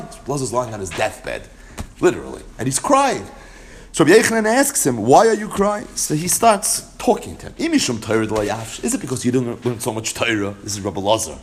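A man with a Yeshivish English accent teaching a Talmud lesson, retelling the story in an animated, sing-song study cadence. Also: medium pitch, a little hiss or hum. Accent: American Yeshivish English with Hebrew-Aramaic terms. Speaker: Torah teacher.

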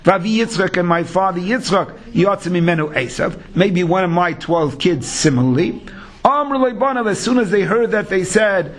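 A man's voice: sits high, expressive, a little fast, fairly bright tone. A man teaching Talmud as a rabbi, chanting the text in a sing-song and weaving in Hebrew and Yiddish terms. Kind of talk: Talmud lesson in Yeshivish English.

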